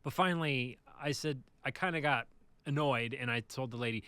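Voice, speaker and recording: Bright, clear-voiced man telling stories. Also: medium pitch, normal speed, no echo. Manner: animated anecdote teller, acts out the people in his stories. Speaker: podcast co-host, bus driver. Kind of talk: casual storytelling chat.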